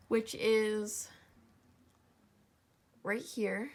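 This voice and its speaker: A woman's voice: medium pitch, measured pace, a bit bright. A young woman hosting a step-by-step craft tutorial, tired and yawning, apologizing as she talks through each stitch.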